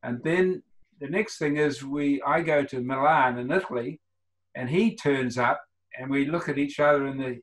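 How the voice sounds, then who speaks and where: Heard on a low-quality recording, this New Zealand man's voice sits mid-range with a somewhat bright edge and an ordinary pace. Around seventy and a retired runner, he's the guest in a laid-back interview, telling wandering tales and acting out what people said, all in a New Zealand accent.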